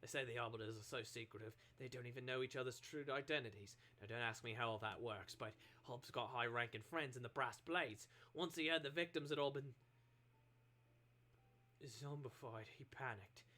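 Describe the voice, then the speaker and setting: A man's voice: mid-range voice, normal speed, bright, forceful tone, lightly acted. A man voicing a nervous, shifty male informant who stammers and speaks in a put-on accent. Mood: hushed, secretive.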